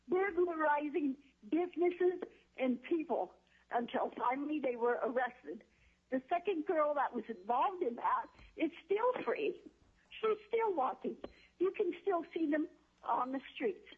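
A woman giving emotional, indignant public testimony, heard over a tinny phone line. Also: high voice. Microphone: telephone.

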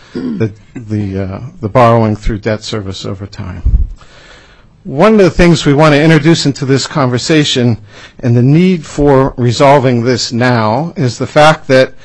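A man, a deputy commissioner of a state revenue agency, giving measured, formal testimony to a legislative committee with some fillers and repeated words. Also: medium pitch.

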